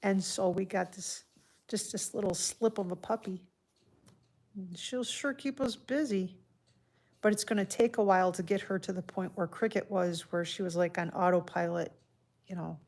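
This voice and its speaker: A woman hosting a casual livestream from home, chatting softly and heartfelt while answering viewers by name. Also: medium pitch, steady tone, normal speed. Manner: soft-spoken and heartfelt. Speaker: livestream host. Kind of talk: casual live-stream chat.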